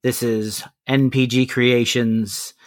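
A man's voice: mid-range voice, flat delivery, slow. A man co-hosting a casual woodworking podcast, reading sponsor and review plugs in an easygoing, jokey way. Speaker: podcast co-host. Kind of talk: casual podcast outro chat.

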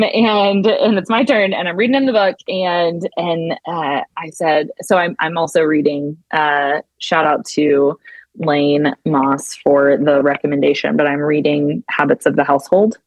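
Podcast guest: woman, husky, lively storyteller, dry close mic. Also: deep voice, dry recording, highs cut off. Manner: animated storyteller, laughs often. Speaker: mother of two. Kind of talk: casual chat.

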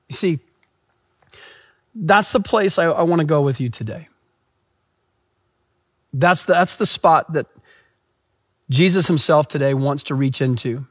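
Male pastor, middle-aged, sermon, emphatic storytelling, repeats phrases, slightly high voice. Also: breathy edge, no room sound, studio quality.

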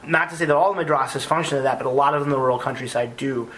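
An American man who once served as an army officer tells stories in an interview, earnest and animated, often repeating words. His voice is mid-range and he speaks very fast, on poor-quality audio.

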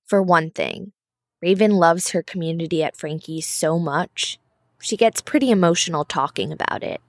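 A woman's voice: fairly low pitch, moderate pace, dry recording, studio quality. A woman narrating a podcast episode in a conversational, scripted storytelling style.

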